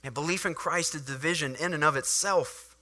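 A male preacher delivers an animated sermon, reading verses and breaking into little acted moments. His voice is very bright and slightly high-pitched, with a lively, engaging delivery. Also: a little fast. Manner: animated, acts out scenes.

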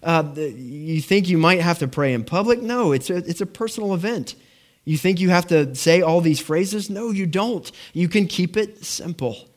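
Pastor, male, fairly high voice, conversational sermon, earnest delivery. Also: expressive, normal speed. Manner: earnest, conversational preaching with frequent restarts.

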